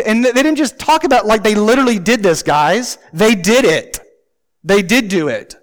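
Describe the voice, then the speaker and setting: A man preaching a sermon as pastor, emphatic and full of rhetorical questions, swinging from loud declarations to hushed asides. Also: high-pitched, smooth. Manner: talks to the congregation with rhetorical questions.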